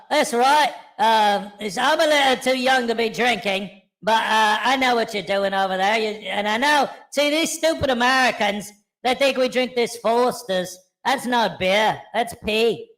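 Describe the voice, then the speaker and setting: A man's voice: very high voice, a little slow, a bit bright, pitched above the performer's own voice, rough recording. A man voicing a cheeky young male kangaroo joey in a put-on Australian accent, a mock drawl full of "oi" and "mate" in a livestream puppet bit.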